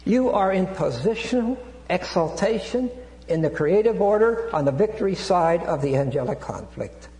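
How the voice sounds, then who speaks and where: Man, preacher, teaching sermon, mellow tone, long hall reverb. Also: high-pitched, expressive, normal speed. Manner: teaching, digresses with repeated restarts and Greek terms. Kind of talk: expository Bible sermon. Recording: echoey hall with hum.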